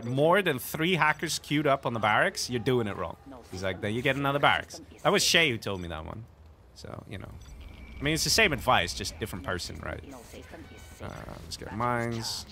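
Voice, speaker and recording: A man's voice: medium pitch, pushed and bright. A man giving casual, self-mocking commentary while playing a strategy game online, laughing often. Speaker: game streamer. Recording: faint game music behind.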